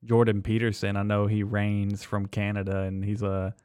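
A man hosting a podcast, who asks questions and hedges his views in a measured, agreeable way. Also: fairly low pitch, completely flat delivery, a little mellow, clean tone, no room sound, clean studio sound. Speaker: podcast host. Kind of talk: casual podcast interview.

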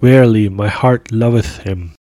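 A tender, pleading cook in a storybook reading, speaking in archaic courtly phrases, as a man reads him out. The voice sits a little low and is recorded dry and close. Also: normal speed, warm tone, no echo, natural voice. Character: tearful middle-aged male cook, adoring.

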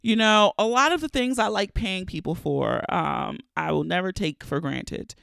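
A woman in her thirties hosting a solo podcast, telling candid, profane, expressive comedic stories. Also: mid-range voice, moderate pace, creaky, clear, resonant tone, dry recording, studio quality. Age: 30s. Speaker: podcast host. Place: home recording during lockdown.

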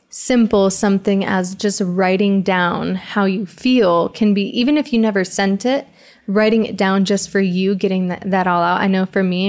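Supportive young woman podcast host. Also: mid-range voice. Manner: supportive, reflective, frequent affirmations. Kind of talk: casual podcast chat.

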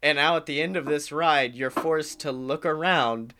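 A man co-hosting a podcast, telling a comedic story in an animated, profane way and laughing as he goes. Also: fairly high pitch, normal speed, noisy background. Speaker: podcast co-host.

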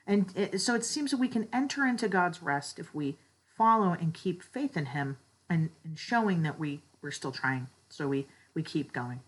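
A woman with a low voice gives an earnest, heartfelt talk at a church gathering. She shares a personal story and turns it into a lesson of faith. Her tone is husky and breathy. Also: lively intonation, normal speed, rough recording. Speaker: church speaker.

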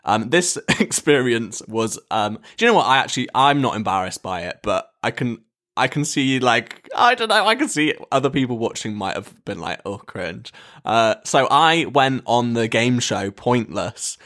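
An English man in his twenties tells a casual storytime monologue with lively, swinging pitch. He laughs often and drops swear words freely. His voice sits at an average pitch for a man. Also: normal speed. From England. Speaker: vlogger.

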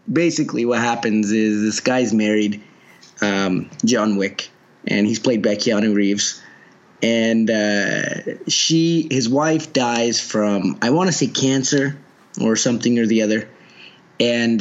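A man's voice: lowish voice, highs cut off. Rambling, laughing man on a podcast. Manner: rambling, laughs often, many fillers. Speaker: podcast co-host. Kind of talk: casual chat.

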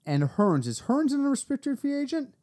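A man co-hosting a casual fantasy football podcast, animated and quick to exclaim, a little tipsy from drinking. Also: extremely high pitch. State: has been drinking. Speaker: podcast co-host.

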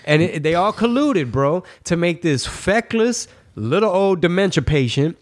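A man from Texas co-hosting a casual podcast, talking in a loose, slangy, animated way with a slightly stuffy, congested voice. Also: high voice, measured pace. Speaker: podcast co-host. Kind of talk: casual political podcast banter.

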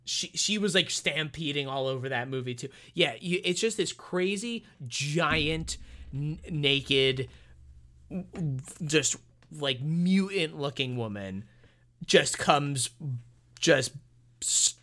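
A man with a bright, somewhat high voice talks through a horror film's plot in casual podcast chat. He rambles animatedly, stumbling over restarts and fillers as he goes. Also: expressive, slow. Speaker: podcast co-host. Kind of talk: casual film review chat.

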